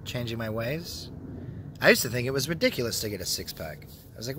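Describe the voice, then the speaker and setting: A man's voice: mid-range voice, big pitch swings, fairly quick, bright, forceful tone, a little hiss or hum. A man vlogging casually from a park, joking, teasing and swearing freely as he rambles to his phone. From Canada. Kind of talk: casual rambling monologue to camera. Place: outdoor park.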